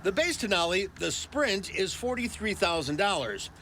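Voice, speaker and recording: A man's voice: sits high, sing-song, moderate pace, sharp tone, a little hiss or hum. A man narrating a TV news car feature in an upbeat, playful way. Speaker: TV news auto reporter.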